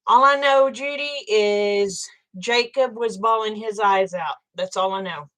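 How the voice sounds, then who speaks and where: A woman's voice: mid-range voice, measured pace, hardly any pauses, fairly bright tone. An older woman, chatting with viewers on a livestream, angry and blunt and swearing freely. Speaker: livestream host. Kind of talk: casual livestream chat with viewers.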